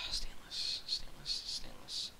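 A young man giving casual commentary while opening cases in a game, half-whispering at times and then overjoyed. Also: extremely slow. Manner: mutters and whispers quietly at first, then shouts in wild excitement. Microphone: cheap computer mic. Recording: hissy low-quality mic.

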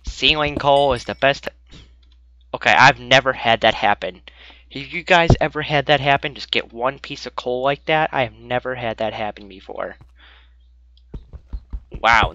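A man giving jokey let's-play commentary while gaming, talking to himself and swinging between mumbles and excited shouts. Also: mid-range voice. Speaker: gameplay commentator. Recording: dull lo-fi mic.

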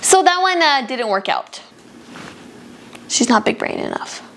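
A woman's voice: high-pitched, big pitch swings, measured pace, over music. A young woman vlogging casually, bubbly and chatty, squealing baby talk at her dog. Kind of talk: casual vlog chat.

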